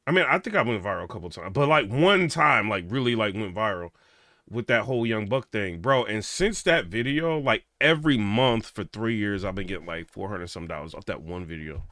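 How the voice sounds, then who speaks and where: Man, stream host, late-night casual chat, lively pitch, dry close sound, reads comments aloud. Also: fairly quick, dry recording. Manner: chatty, reads viewer comments aloud, laughs often. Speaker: streamer reacting to clips.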